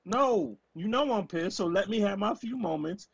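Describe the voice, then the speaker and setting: A man co-hosting a sports podcast, ranting and teasing himself in animated bursts. His voice sits a touch higher than most men's and is recorded close and dry, with no room sound. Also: moderate pace, gravelly, hardly any pauses, breathy edge, no echo, highs cut off. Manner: animated, ranting, self-mocking. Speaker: podcast co-host. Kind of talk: casual sports debate.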